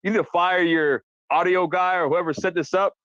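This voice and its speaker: A man's voice: high-pitched, steady tone, moderate pace, fairly bright tone, clear, resonant tone, no echo. A man, a podcast guest, telling a story in a rambling, profane, repetitive way. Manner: profane, rambling, repeats himself. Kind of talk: casual storytelling. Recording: dull dry lo-fi sound.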